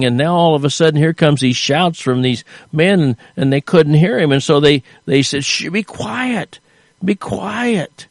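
A man's voice: mid-range voice, dry recording. An older man preaching a sermon, earnest and emphatic, often restarting his phrases as he stresses a point.

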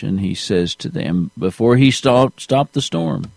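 A man preaching a sermon in a slow, deliberate way, rising to emphasis at key points. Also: on the low side, animated, creaky, a little mellow, no room sound.

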